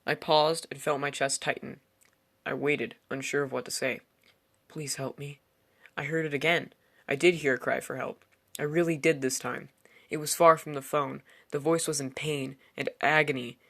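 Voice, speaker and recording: A man's voice: fairly high pitch, steady tone, normal speed, gravelly, sharp tone. A man reading a first-person horror story aloud in a tense storytelling manner. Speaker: narrator. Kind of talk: scripted horror story narration.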